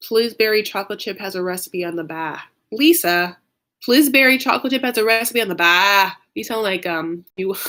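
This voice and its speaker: A woman's voice: lowish voice, fairly bright tone. Chatty woman hosting a live stream. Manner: chatty, peppered with "like", answers viewer comments. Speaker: recap show host. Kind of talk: casual livestream chat.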